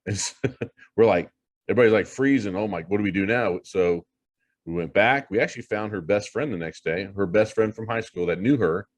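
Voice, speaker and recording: Deep-voiced man telling a story. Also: normal speed, dry recording. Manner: animated, swears freely, repeats himself for emphasis. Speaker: paranormal investigator guest. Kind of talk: casual storytelling.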